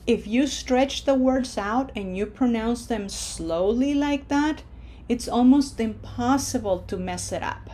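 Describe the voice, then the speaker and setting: Woman running a spanish pronunciation lesson, talks slow, stretches every word out so you can copy it. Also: on the high side, warm tone, a little hiss or hum. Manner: slow, drawn-out modeling of Spanish words with coaching asides. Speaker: Spanish teacher. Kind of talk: language lesson.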